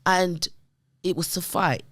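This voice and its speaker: A middle-aged woman, a guest, telling stories in an emphatic, animated way and often checking in with her listener. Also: lowish voice, takes it slowly, no room sound, studio quality. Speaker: guest, community development worker. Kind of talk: conversational storytelling.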